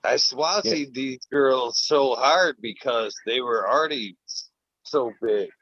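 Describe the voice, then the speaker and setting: A man's voice: medium pitch, takes it slowly, a bit bright, dry recording. A man hosting a casual chat, rambling and swearing with lots of fillers while he shows his grow room. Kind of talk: casual chat on a video call. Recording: dull lo-fi call audio.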